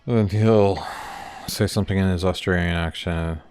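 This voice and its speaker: Speaking in a low, fairly even voice at a moderate pace, his tone darkish and clean with no room sound, this indie game developer livestreams his build. He thinks aloud casually, rambling and chuckling step by step.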